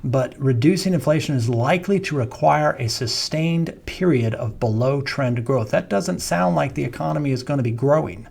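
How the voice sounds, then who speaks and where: A man's voice: mid-range voice, expressive, moderate pace, gravelly, few pauses, a little mellow, slightly rough. A man, a wealth management firm founder giving a conversational video update on the economy, with frequent ums and self-corrections. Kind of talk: informal video market update.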